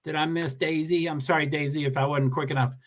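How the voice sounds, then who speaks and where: A man's voice: a little high, steady tone, fast. A man hosting a casual livestream, greeting viewers and reading their comments, talking in a rambling, self-deprecating way with many restarts.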